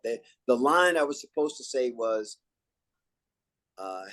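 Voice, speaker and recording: An older man from New York talks through his acting career in an easygoing interview. His voice sits in a middle register, and he slips into lively acted-out quotes as he tells the stories. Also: mid-range voice, takes it slowly, long pauses. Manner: animated, acts out quotes and catchphrases. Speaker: actor guest. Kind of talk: relaxed interview storytelling.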